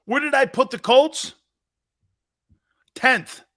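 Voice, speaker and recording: A man hosting a sports talk show, ranting with mock excitement and sarcasm and breaking into shouts. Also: extremely high pitch, takes it slowly. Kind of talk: sports talk radio rant.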